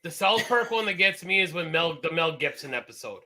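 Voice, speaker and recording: A man co-hosting a podcast in loose, casual chat. His voice sits a little high, swings widely in pitch and has a bright edge. He laughs often and slips into quoted voices as he tells stories. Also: expressive, fairly quick. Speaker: podcast co-host.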